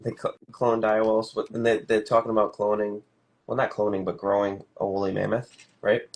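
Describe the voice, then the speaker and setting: A man's voice: lowish voice, level tone, brisk. A man co-hosting a building livestream, chatting in a laid-back, jokey and agreeable way. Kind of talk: casual chat while building.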